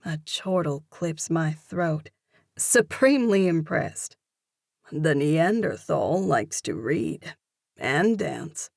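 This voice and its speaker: A woman narrating a first-person romance audiobook, in a measured, expressive manner. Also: deep voice, gravelly, no echo, studio quality.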